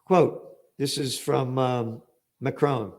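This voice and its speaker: An older American man hosts opinionated current-affairs commentary, blunt and profane, breaking into sarcastic outbursts. His medium-pitched voice stays steady in tone and moves slowly.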